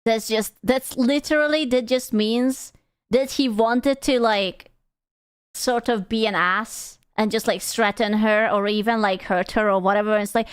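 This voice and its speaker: A woman streamer giving animated, blunt reaction commentary, swearing freely. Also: on the high side, moderate pace, smooth, no room sound. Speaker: VTuber streamer reacting to a clip.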